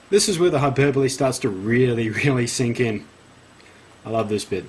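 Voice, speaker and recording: An Australian man with a husky, slightly breathy voice reads an article aloud to his camera. He interrupts the text with dry, sarcastic asides and little laughs, and his pitch sits squarely in the ordinary male middle. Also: lively intonation, normal speed. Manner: sarcastic, wry, laughs between lines. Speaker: vlogger. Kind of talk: reading an article aloud with commentary.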